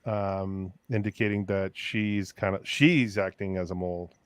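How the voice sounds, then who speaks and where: A man's voice: sits low, fairly even intonation, unhurried, smooth, dry recording. A man hosting a casual review chat, recapping scenes in a rambling way with many fillers. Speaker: podcast host.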